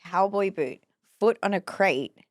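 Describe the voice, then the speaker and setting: A woman's voice: mid-range voice, measured pace, no echo, clean studio sound. A woman with an Australian accent, a podcast guest telling rambling, playful stories in casual chat.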